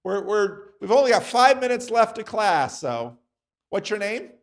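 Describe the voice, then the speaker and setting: Male Sunday school teacher, high and lively voice, unhurried, chatty classroom delivery. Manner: conversational, acts out voices in examples. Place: church classroom.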